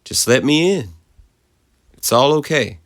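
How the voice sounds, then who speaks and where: A man puts on a frantic mother's voice for an audio horror tale, pitched well above his own, soft and wheedling one moment and tearful the next. She coaxes and begs through a locked door, and her lines reach for high, strained notes. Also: expressive, measured pace. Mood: coaxing. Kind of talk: creepypasta narration.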